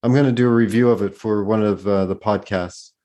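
A man's voice: fairly low pitch, fairly even intonation, brisk, mellow. A man hosting a podcast in casual conversation, engaged and thoughtful, with frequent "uh" fillers.

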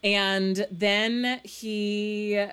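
A woman's voice: mid-range voice, fairly even intonation, drawn-out words, fairly bright tone, smooth. Candid, profane woman chatting about a book. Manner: candid, profane, filler-heavy, laughs often. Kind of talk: casual book-discussion chat.

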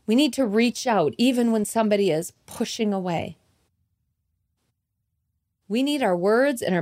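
A woman podcast host speaking at an unhurried pace, her voice rising and falling with lively, expressive pitch. She tells a personal story and moves into devotional preaching.

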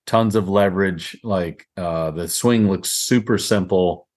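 A man with a low, somewhat mellow voice and a Southern drawl co-hosts a casual golf podcast, speaking unhurriedly. He rambles in an easygoing way, laughs often, and says "I mean" a lot.

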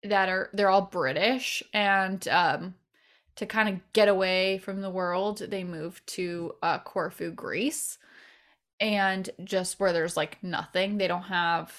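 Young adult female co-host; loose, rambling casual chat, average pitch. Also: steady tone, slow, fairly bright tone. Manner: chatty, rambling with many fillers and laughs. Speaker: podcast co-host.

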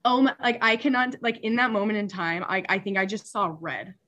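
Young woman telling a crazy yacht story, lots of "like", laughing, really animated. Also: medium pitch, fairly quick, dull audio. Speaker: superyacht stewardess, guest. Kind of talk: casual storytelling chat.

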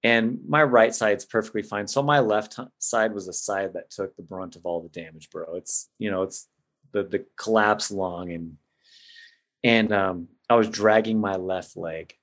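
A man's voice: on the low side, steady tone, unhurried, fairly bright tone. A middle-aged man telling an emotional personal story in a casual, heartfelt way as a podcast guest. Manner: casual, emotional, says "man" and "bro" a lot.

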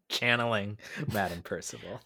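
Chill tabletop player, low voice, bright tone. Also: measured pace, breathy edge. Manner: easygoing, laughs often. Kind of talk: tabletop game play.

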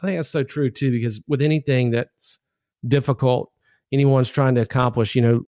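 A man's voice: mid-range voice, a little mellow, no room sound, studio quality. A man hosting a podcast interview, reflecting enthusiastically on his guest's story in a casual way. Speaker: podcast host. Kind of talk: interview commentary.

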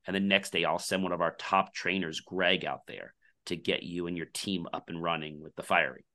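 A man's voice: sits low, moderate pace. A man who founded a company, telling a long anecdote as a podcast guest and acting out the dialogue of the people in it. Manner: animated storyteller acting out quoted dialogue. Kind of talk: anecdotal storytelling in a conversation.

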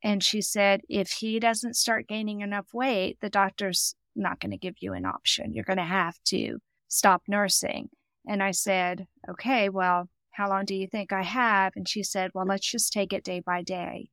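A woman's voice: medium pitch, moderate pace, a bit bright, smooth, no echo. A middle-aged woman telling an emotional personal story in an interview, earnest and quoting the people she speaks of. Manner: earnest, emotional, quotes others in dialogue. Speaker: guest.

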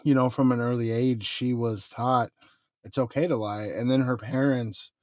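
A man hosts a podcast in a relaxed, conversational way, filling pauses with "you know." His voice is mid-pitched. The recording is dry and close. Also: no echo. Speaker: podcast host. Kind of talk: casual chat.

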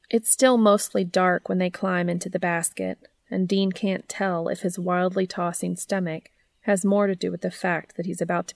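Woman narrator for a fan fiction audiobook; lowish, gravelly, soft and intimate. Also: no room sound.

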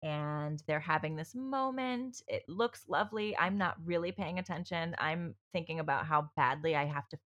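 Woman host, lowish bright voice, candid rambling storyteller with lots of fillers and a freely swearing tongue. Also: moderate pace, few pauses, muffled recording. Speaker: podcast host telling her birth story. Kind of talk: casual chat.

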